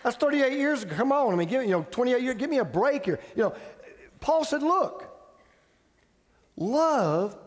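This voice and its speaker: High-voiced man preaching in a hall. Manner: conversational preaching with emphatic repeated questions. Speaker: pastor. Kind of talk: sermon. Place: church sanctuary with audience.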